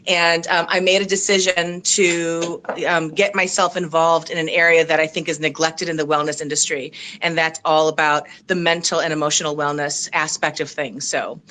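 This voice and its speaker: A middle-aged woman coach talks over a video call, a little out of breath. Her voice sits low yet sounds bright and forceful. She speaks earnestly, pausing often with fillers. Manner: earnest, reflective, halting with fillers. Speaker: coach and consultant. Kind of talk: audition interview on a video call.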